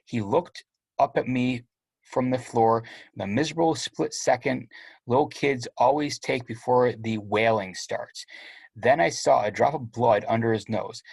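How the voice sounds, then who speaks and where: A man's voice: mid-range voice, slightly rough, dry recording. A man narrating a first-person story aloud in a wry, sardonic way. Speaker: audiobook narrator.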